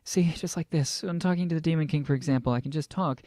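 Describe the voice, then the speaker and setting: A man's voice: on the high side, quick pace, dark tone, dry recording, studio quality. A man casually reading a translated novel aloud, stumbling and restarting and breaking off for joking asides. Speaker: amateur novel reader.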